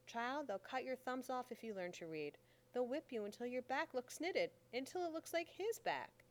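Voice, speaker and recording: A woman reading an audiobook voices a big, tall older woman who is fierce and protective and speaks in a sharp, commanding way. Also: on the high side, sing-song, moderate pace, voice pushed up.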